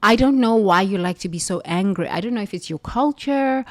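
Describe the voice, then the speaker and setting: A woman voicing an older male head monk who questions her calmly. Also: sits high, brisk, no echo. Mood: puzzled.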